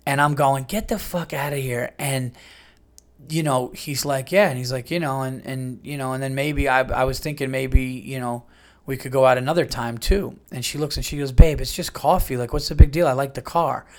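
A man tells a story on his podcast in a loose, chatty way. He rambles, restarts and fills gaps with "like" and "you know", and his voice is mid-pitched. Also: normal speed. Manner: animated retelling with many fillers and restarts. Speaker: podcast host. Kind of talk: casual storytelling.

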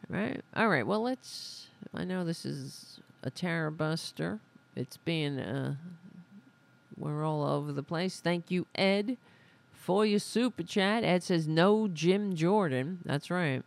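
A woman's voice: lowish voice, takes it slowly, creaky. A woman hosting a casual political livestream, ranting in an angry, profane and sarcastic way. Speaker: host.

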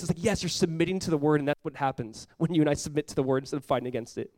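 A man's voice: a little high, fairly even intonation, very fast, few pauses, a little mellow, no room sound. A man preaching a sermon as pastor, earnest and conversational, often acting out what people say.

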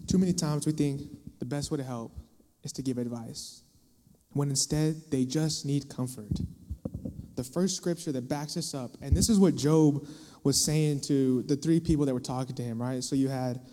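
A young man preaching a casual sermon into a microphone, dropping into acted-out quotes and sudden loud bursts for emphasis. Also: medium pitch, normal speed. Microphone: microphone in a hall. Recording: long hall reverb.

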